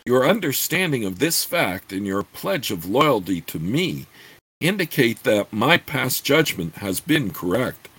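A man's voice: mid-range voice, very animated, unhurried, a bit bright, breathy edge, full character voice. A man voicing a proud, suspicious demoness queen who speaks in a stately, formal way. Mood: regal.

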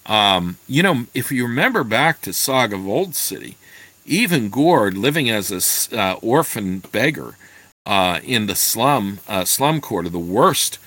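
A man reading a fantasy novel aloud, then pausing to comment with halting asides. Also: fairly low pitch, no room sound. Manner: slow, expressive, halting in asides. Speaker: reader.

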